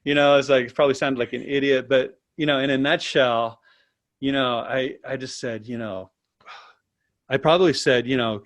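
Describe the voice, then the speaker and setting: A man as an interview guest, telling a personal story in a lively, casual way and often tagging his sentences with "right?". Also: medium pitch, moderate pace. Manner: animated, tags sentences with "right?".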